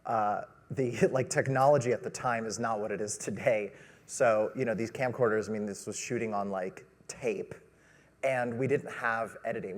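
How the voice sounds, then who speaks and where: A man in his thirties, a director of photography, talking eagerly on an expo panel with lots of fillers. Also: on the low side. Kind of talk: panel conversation. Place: stage at a trade expo. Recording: reverberant expo hall.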